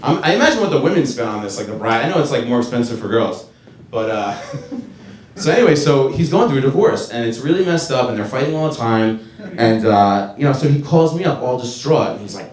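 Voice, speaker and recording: A man in his thirties doing a stand-up comedy set on a club stage, talking in a loose, rambling, profane way and shouting his punchlines. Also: medium pitch, animated, a little fast. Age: 30s. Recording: roomy club with crowd laughter. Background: laughing audience.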